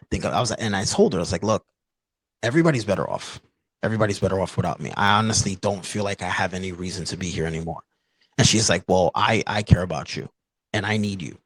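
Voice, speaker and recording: A podcast host telling a candid personal story in an earnest, halting way, full of "like" and "you know". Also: male voice, on the low side, fairly even intonation, fairly bright tone, no echo, low-quality recording.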